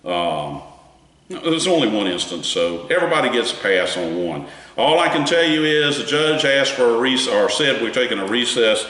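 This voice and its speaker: A man with a Southern US accent giving a folksy, animated spoken recap of a court trial. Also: normal speed. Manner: animated, folksy storytelling with wide pitch swings. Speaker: courtroom commentator. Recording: echoey room with long reverb.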